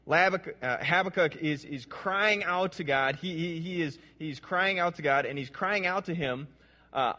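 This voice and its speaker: An earnest man preaching and reading scripture, his voice sitting a little high for a man. He stumbles over repeated words and turns to quiz his listeners. The sound trails off in the long reverb of a large hall. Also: sharp tone. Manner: earnest, repeats words, asks the audience questions.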